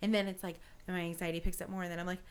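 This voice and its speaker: A woman's voice: fairly low pitch, little pitch movement, rapid-fire, smooth. Rambling, laughing woman in casual chat. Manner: rambling, self-deprecating, laughs often. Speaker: podcast co-host.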